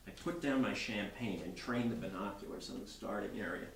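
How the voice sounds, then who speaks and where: A man's voice: fairly low pitch, a little fast, hardly any pauses, a bit bright. A man, a novelist, reading his novel aloud expressively at a bookstore. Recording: roomy bookstore from far off.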